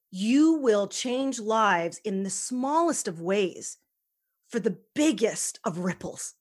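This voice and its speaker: An earnest woman talks as a podcast guest, pressing her points with feeling and now and then sinking to a near-whisper. Her voice is soft and airy, with a medium pitch. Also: animated, slow. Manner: earnest, emphatic, softens to near-whisper at times. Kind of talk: casual interview chat.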